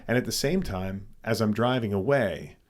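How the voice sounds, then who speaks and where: A man's voice: on the low side, normal speed. A man co-hosting a podcast, telling a story casually and animatedly, with frequent swearing and restarts. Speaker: podcast co-host.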